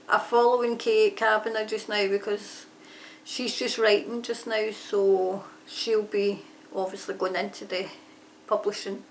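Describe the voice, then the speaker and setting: A woman's voice: mid-range voice, slight background noise. A woman chatting casually about her writing, rambling and often correcting herself mid-sentence. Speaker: aspiring author answering a tag. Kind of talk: casual chat. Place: home near a railway line. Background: trains passing.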